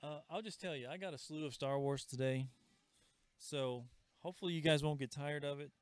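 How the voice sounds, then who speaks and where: A man hosting a live comic shop sale, chatting casually and pitching items with asides. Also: fairly quick, smooth, no room sound. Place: comic store. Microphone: livestream camera mic.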